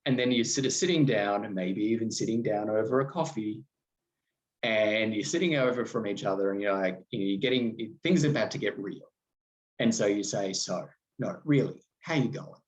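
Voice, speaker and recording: A man's voice: fairly low pitch, fairly quick, low-quality recording. A man hosting a solo podcast, talking in a conversational, reflective way with restarts. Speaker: podcast host.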